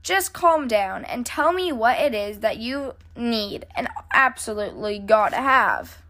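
A woman reading as a storybook father bear, patient and dryly bemused by his cubs' latest craze. the delivery stays calm and even, close to a plain reading voice. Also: a little high, measured pace. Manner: calm, dry, bewildered.

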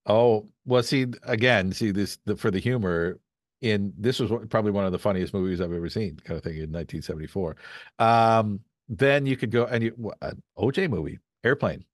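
A man's voice: fairly low pitch, a little fast, no room sound, studio quality. A man from Canada, a voice actor, talking as a podcast guest in a rambling, storytelling way, acting out little quotes as he goes. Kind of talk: casual podcast chat.

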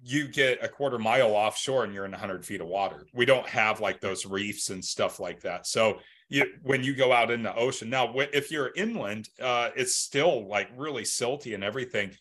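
A man's voice: medium pitch, normal speed, few pauses, a bit bright. A young man hosting a podcast, chatting in an easygoing, joking way. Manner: easygoing, joking, loose phrasing. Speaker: podcast host. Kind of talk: casual chat.

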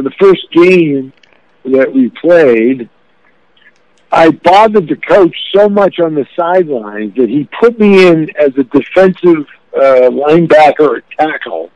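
A middle-aged man tells an animated story from his youth, laughing along. His voice sits a bit high. The sound is muffled and lo-fi, like a call line. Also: unhurried, no echo. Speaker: actor guest. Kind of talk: casual storytelling. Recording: dull lo-fi phone line.

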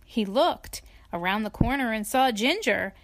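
A woman reading a children's story aloud in an expressive, playful way, adding asides to her listener. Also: fairly high pitch, unhurried, no echo.

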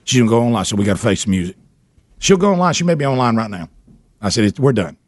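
A man hosting a radio show, telling a story in a casual, animated way with laughter and repeated words. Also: on the low side, racing, dry recording.

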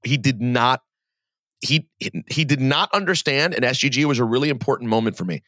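A man hosting a podcast in casual chat, talking in quick asides. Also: medium pitch, lively intonation, sharp tone, no room sound, clean studio sound. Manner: chatty, quick asides, quotes others in mock voices. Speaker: podcast host.

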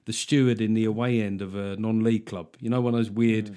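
A man hosting a podcast, telling stories in a sweary, jokey, animated way. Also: on the low side, fast talker, smooth. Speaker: podcast host. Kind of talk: casual comedic chat.

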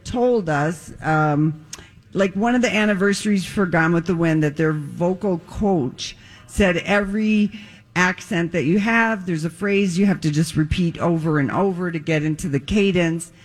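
A woman's voice: fairly low pitch, moderate pace. A woman co-hosting a live radio show, giving dry, teasing replies. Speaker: radio co-host. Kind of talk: live radio broadcast chat.

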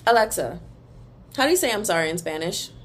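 A young adult woman hosts a casual solo podcast from a room at home, sitting in front of a wall and talking into her computer's built-in mic. Her mid-range voice is expressive and a little fast as she chats and gossips, calling her listeners y'all. There's slight background noise.

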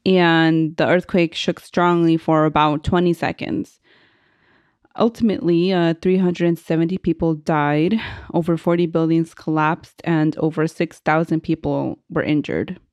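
A woman's voice: sits low, steady tone, unhurried, darkish tone, dry recording. A young woman co-hosting a podcast, chatting casually, laughing often and reading from her notes. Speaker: podcast co-host.

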